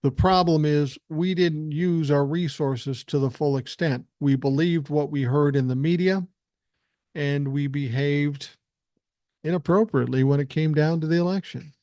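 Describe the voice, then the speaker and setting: An older man hosts a solo political podcast, delivering a monologue bluntly and emphatically and swearing often. His voice sits fairly high with a warm tone and a slightly slow pace. The recording is dry and of studio quality.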